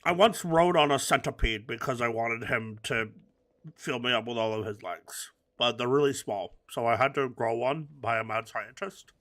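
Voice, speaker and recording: A man's voice: medium pitch, moderate pace, fairly bright tone. A man giving comedic gaming commentary, rambling through absurd, crude jokes. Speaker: gaming video host.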